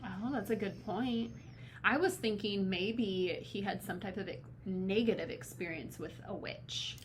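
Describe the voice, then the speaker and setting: A woman's voice: mid-range voice, a little slow, slight background noise. A woman co-hosting a podcast in casual chat, musing aloud and asking questions, with many "like" fillers. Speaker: podcast co-host.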